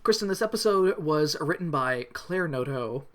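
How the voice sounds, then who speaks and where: A man's voice: a little high, animated, normal speed, a bit bright, faint music behind. A wry, jokey male podcast co-host. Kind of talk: casual chat recapping a cartoon.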